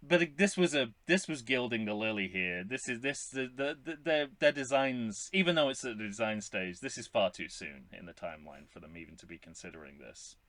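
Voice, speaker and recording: A man's voice: medium pitch, expressive, brisk, few pauses, fairly bright tone, no echo. A man co-hosting a podcast in casual chat, joking wryly with lots of restarts. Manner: wry, joking, many restarts. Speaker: podcast co-host.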